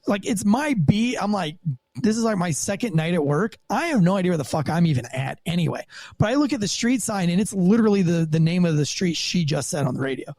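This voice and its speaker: A man telling a profane, animated story from his rookie years as a police officer, as a podcast guest. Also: sits high, brisk, dry recording. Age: young adult. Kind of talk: casual storytelling interview.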